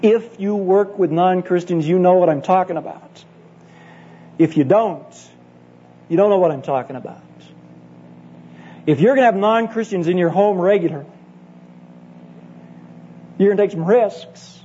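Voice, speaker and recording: A man's voice: high voice, a little slow, pauses often, dark tone, breathy edge. A middle-aged man, a Bible college teacher, giving an earnest, emphatic conference sermon full of personal stories and direct appeals to his listeners. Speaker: Bible college teacher speaking to church leaders. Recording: dull lo-fi tape with faint hum.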